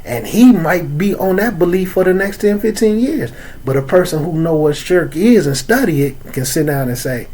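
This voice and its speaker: A man's voice: high-pitched, lively intonation, normal speed, hardly any pauses, warm tone, slight background noise. A man from Chicago with an African American English accent, hosting a loose talk on religion and laughing between points. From Chicago, USA. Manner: loose, streetwise, repeats "man" and "you know what I'm saying". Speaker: host. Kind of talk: casual religious talk to an audience.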